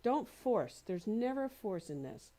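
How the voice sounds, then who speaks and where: A woman minister giving a sermon, gentle and encouraging, slowly repeating phrases for emphasis. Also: on the high side, big pitch swings. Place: spiritual community center.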